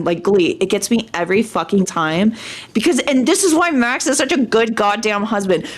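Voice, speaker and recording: A young woman hosting a casual chat, retelling a show scene with excitement and swearing freely. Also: mid-range voice. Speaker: stream host. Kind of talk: casual chat while dyeing hair.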